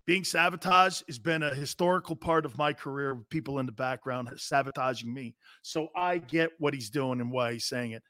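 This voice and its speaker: A man's voice: medium pitch, moderate pace, hardly any pauses, dry recording, clean studio sound. A man hosting a sports talk show, ranting casually and brashly to his viewers. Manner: brash, animated, talks straight to viewers.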